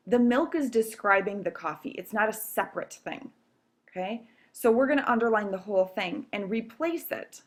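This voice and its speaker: A woman teacher explaining grammar rules step by step in a recorded video lesson, patient and checking in with "okay?" often. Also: mid-range voice. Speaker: Spanish teacher.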